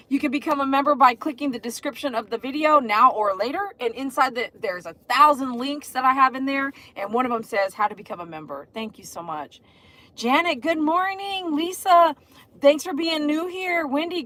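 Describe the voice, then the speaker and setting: High-voiced woman greeting livestream viewers. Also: animated, normal speed, bright, forceful tone. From Texas. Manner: effusive, greets viewers by name, sing-song chants. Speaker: dog groomer and livestream host. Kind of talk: casual livestream chat.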